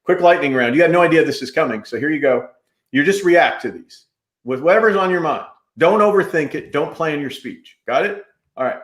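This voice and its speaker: A man's voice: on the high side, brisk. A man hosting an interview, talking loosely and energetically, often jumping in. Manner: energetic, jumps in, loose and chatty. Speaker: podcast host. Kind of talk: casual interview chat. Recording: roomy echo.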